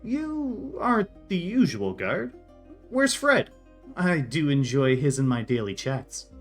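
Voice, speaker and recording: A man's voice: fairly high pitch, very animated, slow, soft background music, exaggerated voice. A man voicing a wry, teasing male rabbit-folk prisoner in a tabletop game. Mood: quizzical.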